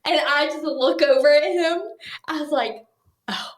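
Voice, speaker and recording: Woman guest on a podcast, kinda high voice, super chatty, animated storytelling. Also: unhurried. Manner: talkative, animated, acts out what others said. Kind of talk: casual storytelling chat.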